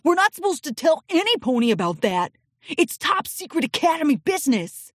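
A woman voicing a cautious, rule-following young colt who speaks in an urgent, hushing way. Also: high-pitched, sing-song, a little fast, dry recording, studio quality, pitched above the performer's own voice. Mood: worried.

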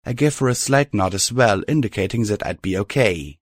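A man with a lower voice reads a first-person story aloud at an even, steady clip. The sound is dry and close with no room around it. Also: brisk, few pauses, dry recording. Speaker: narrator. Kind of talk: audiobook reading of fan fiction.

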